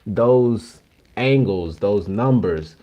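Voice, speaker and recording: A man co-hosting a livestream, explaining things in a measured, casual way with many pauses. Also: lowish voice, expressive, dull audio. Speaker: co-host.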